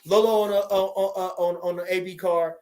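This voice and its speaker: A man, hosting a casual livestream and reading viewer comments aloud, animated and profane and repeating his phrases. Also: sits high, moderate pace. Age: 40s. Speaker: boxing trainer and livestream host.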